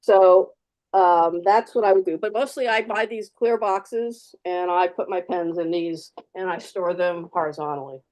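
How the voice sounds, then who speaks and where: A woman's voice: fairly low pitch, fairly even intonation, moderate pace, a little mellow. A woman artist giving a live fountain pen demo, chatty and practical, repeating key words for emphasis. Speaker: artist demonstrating fountain pens.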